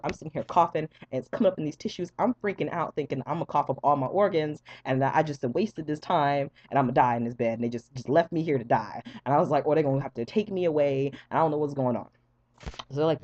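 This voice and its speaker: A young man telling a wild personal story to camera in a casual, animated way, acting out the voices of the people in it and swearing freely. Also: a little high, fast, dull audio. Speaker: vlogger.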